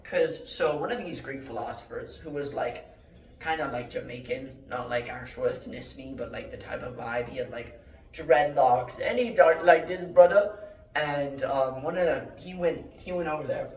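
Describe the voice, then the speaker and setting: A man giving a mock classroom lecture, rambling through deadpan fake word origins with many fillers. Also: mid-range voice, moderate pace. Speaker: joke Latin teacher. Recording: echoey room, mic at a distance.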